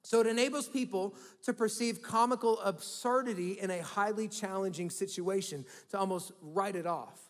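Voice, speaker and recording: Speaking at a moderate pace with few pauses, this high-voiced man is a pastor delivering a chatty sermon in church. He voices imagined inner thoughts and repeats words frequently, while the church hall adds long reverb and some faint music.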